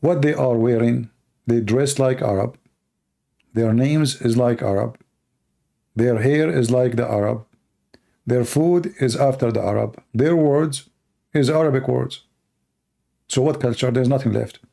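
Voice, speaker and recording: A man's voice: mid-range voice, a little slow, vocal fry, pauses often, warm tone. A man answering viewer questions in a casual monologue, blunt and opinionated, often repeating words as he goes.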